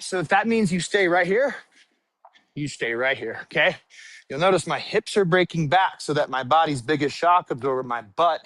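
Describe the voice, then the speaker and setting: A man's voice: on the high side, a bit bright, no room sound, studio quality. A man coaching a workout class, cueing moves and counting reps while exercising, at times out of breath. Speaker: fitness coach. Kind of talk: live workout instruction.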